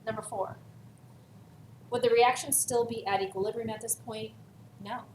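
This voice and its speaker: A woman's voice: fairly high pitch, fairly even intonation, moderate pace. A woman chemistry teacher giving a recorded lesson, working through a worksheet and stressing key words for emphasis. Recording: echoey room, voice from far off, faint hiss.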